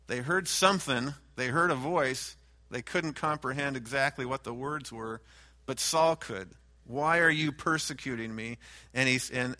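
A man's voice: mid-range voice, sharp tone. A man teaching a Bible sermon, reading verses and raising his voice to stress repeated names. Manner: emphatic, raises voice on repeated names. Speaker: preacher.

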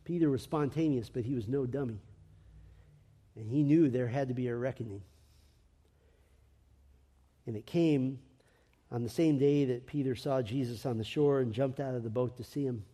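A man preaching a sermon in an earnest voice that swings between emphatic and hushed. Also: medium pitch, normal speed, pauses often, long reverb tail.

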